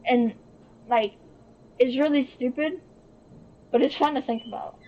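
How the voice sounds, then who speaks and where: A man's voice: very high voice, steady tone, measured pace, dull audio. A teenage boy, a podcast guest, chatting casually and joking around. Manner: joking, playful. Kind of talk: casual chat.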